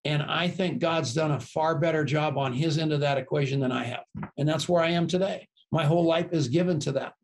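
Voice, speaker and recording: An older man telling lively stories as a podcast guest, acting out the voices of the people in them. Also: a little high, fairly quick, slight background noise. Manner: lively anecdotes, acts out quoted voices. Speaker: podcast guest, business co-founder. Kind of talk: animated storytelling.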